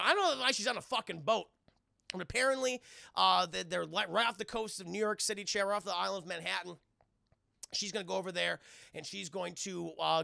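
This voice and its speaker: A man streaming a casual, profane, animated recap of a cartoon episode to his live chat. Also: high voice, a little fast, vocal fry, dry recording, clean studio sound. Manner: animated, profane, lots of fillers.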